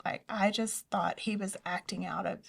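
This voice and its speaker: A woman telling her personal story in an interview, soft-spoken and hesitant, often dropping to a near whisper. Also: medium pitch, steady tone, normal speed, creaky, distant mic. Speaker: interview guest. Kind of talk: personal testimony in a conversation.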